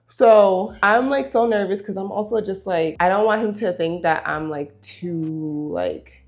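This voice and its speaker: Animated young woman telling a story. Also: mid-range voice, unhurried, soft background music. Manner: animated, laughing, lots of fillers. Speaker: vlogger. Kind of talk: storytelling while getting ready.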